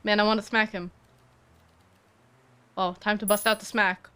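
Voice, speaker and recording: A woman's voice: mid-range voice, level tone, normal speed, fairly bright tone, clean tone. A woman streaming a story game, chatting casually and reading the dialogue aloud. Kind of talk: casual gameplay commentary.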